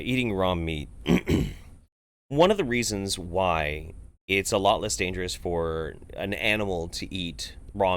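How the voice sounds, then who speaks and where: Low-pitched with a fairly bright tone, this American man's voice comes with slight background noise. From his home near Eugene, he hosts a casual livestream, reacting to a video sarcastically, swearing, rambling and restarting his thoughts.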